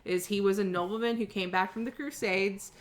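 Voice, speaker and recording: A woman's voice: medium pitch, fairly even intonation, fairly quick. A young adult woman co-hosting a casual movie podcast, thoughtful and hesitant with frequent ums. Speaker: podcast co-host. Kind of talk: casual chat.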